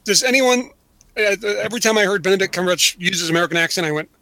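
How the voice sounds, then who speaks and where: A man's voice: sits high, rapid-fire, sharp tone. A man co-hosting a podcast, chatting casually and acting out quotes in mock voices. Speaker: podcast co-host. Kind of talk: casual chat.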